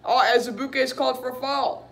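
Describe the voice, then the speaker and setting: A man's voice: extremely high pitch, brisk, gravelly. A man giving a live play-by-play reaction as a frustrated fan, calling plays, venting and saying "dude" often. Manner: excitable, frustrated partisan fan who keeps saying "dude".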